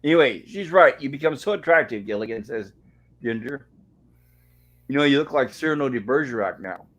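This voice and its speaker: A man's voice: mid-range voice, animated, fairly quick, a bit bright, rough recording. A man hosting a casual online show, recapping an old sitcom episode and reading the characters' lines aloud in a chatty storytelling way. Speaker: host.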